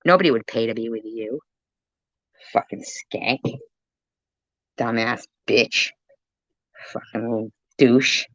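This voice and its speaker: A woman's voice: extremely low pitch, slow pace, pauses often, no echo. A woman livestreaming and reading chat aloud, ranting furiously with a stream of profane insults. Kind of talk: angry livestream rant.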